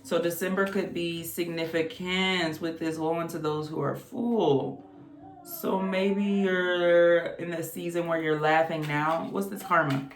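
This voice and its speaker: A woman's voice: fairly low pitch, fairly even intonation, measured pace, slight background noise. A woman casually reading tarot cards, chatty and exclamatory. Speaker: tarot reader. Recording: echoey room.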